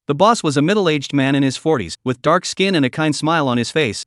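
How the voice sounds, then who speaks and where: Lively dry-voiced male recap narrator. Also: on the high side, a little fast, no echo.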